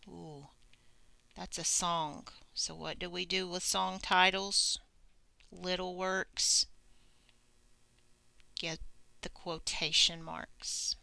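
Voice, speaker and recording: Teacher woman, slow deliberate lesson delivery, low-ish voice with fry, soft breathy asides. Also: level tone, no echo. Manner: slow, deliberate, reads examples aloud with pauses. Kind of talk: recorded grammar lesson.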